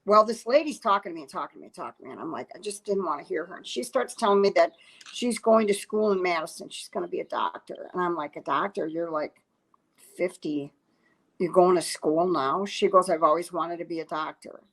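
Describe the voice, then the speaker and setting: A woman's voice: on the low side, brisk, gravelly, rough recording. A woman, a comedian telling a story in a casual chat, acting out quotes and laughing often. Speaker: comedian guest.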